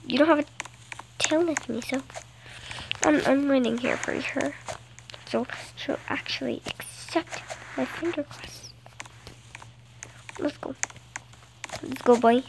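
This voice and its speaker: A woman giving excitable, dramatic let's-play commentary to her viewers, recorded on a phone. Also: high voice, slow pace, pauses often, slight background noise, rough recording. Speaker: gaming channel host. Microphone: phone screen recording.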